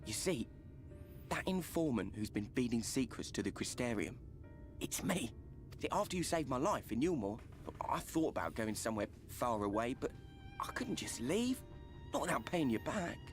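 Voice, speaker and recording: A man's voice: medium pitch, sing-song, normal speed, faint music behind, natural voice. An actor playing a streetwise male informant with a Cockney accent, chatty and full of slang. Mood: wry.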